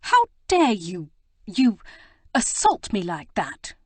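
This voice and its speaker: A woman's voice: mid-range voice, expressive, normal speed, no room sound, close to an everyday voice. Casting: prim, spirited young Regency lady read by a woman, indignant and emphatic, dry close recording.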